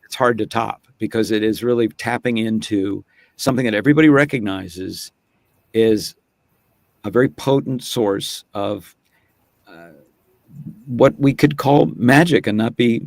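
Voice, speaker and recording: A man's voice: mid-range voice, normal speed, vocal fry, darkish tone, dry recording, studio quality. A man, a voice actor guest, talking in a thoughtful, reflective way and often restarting his phrases. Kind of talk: casual chat.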